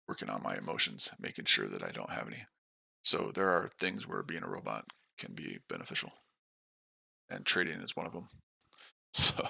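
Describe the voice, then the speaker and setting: Tired male trading-stream host: deep, sharp-edged, casual commentary. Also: gravelly, slightly rough, no room sound. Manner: matter-of-fact, casual. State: tired from no sleep. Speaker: day trader and stream host.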